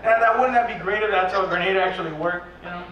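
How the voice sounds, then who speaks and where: A man performing a stand-up routine, telling a story with profanity and yelling the lines of the people he quotes. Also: high-pitched, fast, recorded from a distance. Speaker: stand-up comedian. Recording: echoey live club recording from afar, dull. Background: loud audience and noise.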